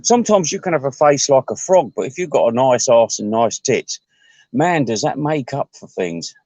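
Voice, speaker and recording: A man rambles through a crude comic rant, stumbling into restarts and sudden asides. His voice sits at an ordinary middle pitch. The sound is dry and close, with no room around it. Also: big pitch swings, moderate pace, darkish tone, dry recording.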